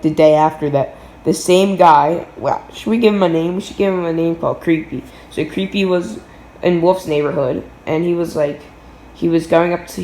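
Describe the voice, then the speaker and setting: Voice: medium pitch, dark tone, roomy sound, slight background noise, poor audio. A teenager telling a casual storytime vlog from a home basement, rambling with lots of fillers and restarts.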